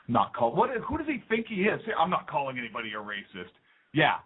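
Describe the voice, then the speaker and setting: Male radio co-host, sarcastic banter, lively swinging pitch, phone-band audio. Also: fast, breathy edge, phone-quality sound. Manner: sarcastic, animated interjections. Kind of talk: casual talk radio banter.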